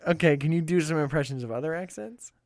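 A man's voice: on the high side, quick pace, darkish tone, dry recording, studio quality. A man hosting a comedy show, questioning a guest in a teasing, sarcastic mock interview. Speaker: comedy podcast host.

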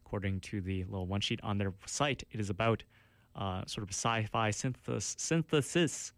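Rambling low-voiced radio host. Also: male voice, moderate pace, dry recording. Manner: rambling, self-deprecating, many fillers and restarts. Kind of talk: casual radio show chat. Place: radio studio. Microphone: studio mic.

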